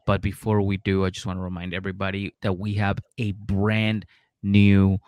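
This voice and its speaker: A man's voice: deep voice, monotone, normal speed, darkish tone, dry recording. A man co-hosting a podcast, recapping a reality show in a laid-back, rambling, swearing way. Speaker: podcast co-host. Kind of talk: casual recap chat.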